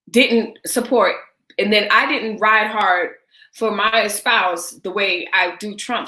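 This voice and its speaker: Woman, vlog host, casual opinion rant, bright edge to the voice, echoey room sound. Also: medium pitch. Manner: emphatic, talks straight to viewers with repeated phrases. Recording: roomy echo.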